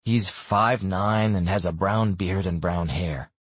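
A man reading the part of a determined young man who speaks low and firmly. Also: slow pace, breathy edge, dry recording, lo-fi sound, full character voice.

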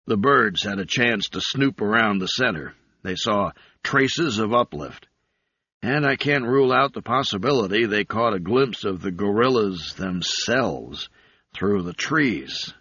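A man's voice: lowish voice, lively intonation, measured pace, sharp tone, slightly rough, dry recording, heavily acted. A man voicing a blunt, stubborn male uplifted chimp aide, speaking plainly and firmly. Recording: slightly dull recording.

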